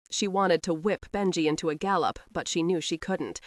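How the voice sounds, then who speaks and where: A woman narrating a romance audiobook in a measured storytelling manner. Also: fairly low pitch, steady tone, dry recording, clean studio sound.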